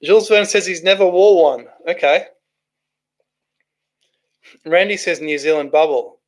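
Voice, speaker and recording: A man with a slightly higher voice hosts a casual livestream. He reads viewer comments aloud and answers them in a loose, rambling way, often restarting his sentences. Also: measured pace. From Australia. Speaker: livestream host reading chat. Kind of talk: casual live chat.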